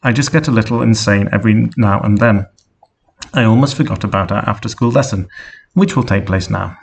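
An erratic pony goddess who lectures deadpan and then snaps into shouting, read by a man. The voice stays low and husky, with a gravelly edge. It sits in a deadpan reading of an absurd storybook tale. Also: fairly quick. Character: female winged unicorn goddess, mother and teacher, erratic.

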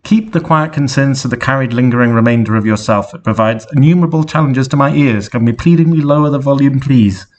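Shouting pompous robot villain head, as a man puts her on, storybook reading. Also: medium pitch, fast talker, hardly any pauses, pitched above the performer's own voice, lightly acted. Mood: hostile.

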